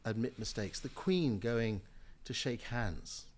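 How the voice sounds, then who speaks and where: An older man from Jamaica and the UK, a member of the House of Lords, is a guest on a podcast interview. His mid-range voice moves at a slow pace as he speaks emphatically, telling stories in a lively way and laughing often.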